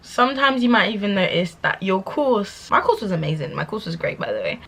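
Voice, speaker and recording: Sassy young woman, husky. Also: medium pitch, brisk. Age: young adult. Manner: sassy and animated, laughing often. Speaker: vlogger. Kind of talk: candid rant to camera.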